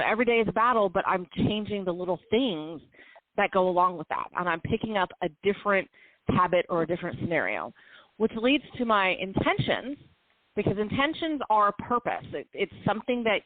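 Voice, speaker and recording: A woman's voice: medium pitch, no echo. A woman co-hosting a talk show, telling a personal story in a candid, emotional way. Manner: emotional, heartfelt, quick bursts and slow stretches. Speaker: podcast co-host. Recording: tinny phone-line sound, dry.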